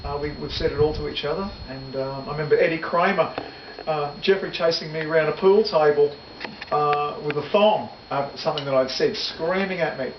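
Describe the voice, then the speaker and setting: A man's voice: fairly high pitch, fairly even intonation, brisk, few pauses. A middle-aged man, a musician reminiscing in a casual interview, rambling and correcting himself as he goes. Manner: rambling, self-correcting, laughs easily. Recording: echoey, distant, dull, loud noise.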